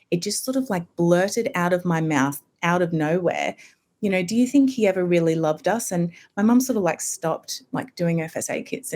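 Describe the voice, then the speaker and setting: A woman, a homeopath guest on a podcast, telling personal stories in a lively, casual way full of "you know" and "like". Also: fairly low pitch. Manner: animated storytelling, many fillers like "you know".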